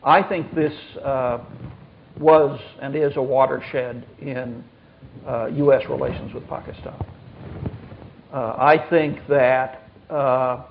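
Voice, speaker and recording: A man on a panel giving a slow, halting answer with many pauses and fillers. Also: mid-range voice, fairly even intonation. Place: conference hall. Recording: tinny phone-like recording with faint noise.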